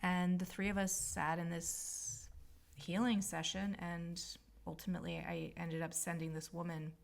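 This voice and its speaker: Woman healer rambling through a story, low voice, bit of fry. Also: level tone, a little slow. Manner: rambling, emotional, filler-heavy. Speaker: spiritual healer. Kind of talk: casual storytelling monologue.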